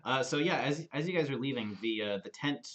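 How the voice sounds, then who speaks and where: Bright-voiced man narrating a tabletop game. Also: medium pitch, animated, fairly quick. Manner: loose, rambling narration with many fillers. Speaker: dungeon master.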